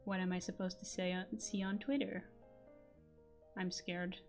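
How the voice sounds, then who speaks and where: A woman voice actor chatting casually on a live stream in accented English, giggling and self-deprecating, recorded on a quiet desk mic. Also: medium pitch, steady tone, brisk, faint music behind. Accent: non-native English accent.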